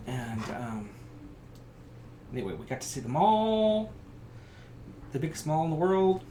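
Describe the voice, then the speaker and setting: A man with a Southern US accent hosting a live crafting stream, chatting and rambling through stories with sudden excited bursts. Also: unhurried. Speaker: craft show host. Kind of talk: casual live-stream chat while crafting. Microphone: live-stream camera mic. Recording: echoey room with rumbling background noise.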